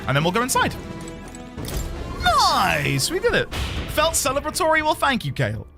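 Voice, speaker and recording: Animated game streamer with lively pitch. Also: moderate pace, gravelly. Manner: chatty, talks to chat, bursts into laughter and wails. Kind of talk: casual live-stream commentary. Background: game music.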